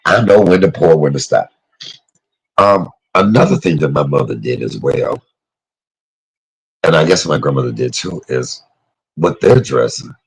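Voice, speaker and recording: A man's voice: very deep voice, gravelly, husky, rough recording. A middle-aged man chatting casually as he cooks, emotional and talkative, reading out viewers' comments as he goes. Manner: emotional, chatty, talks to live chat by name. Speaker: cooking vlogger. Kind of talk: casual cooking talk to viewers.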